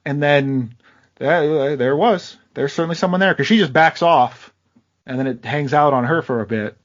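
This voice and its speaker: A man's voice: a little high, moderate pace, muffled recording. A man co-hosting a podcast, critiquing a film in a hesitant, word-searching way. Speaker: podcast co-host. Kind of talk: casual movie review chat.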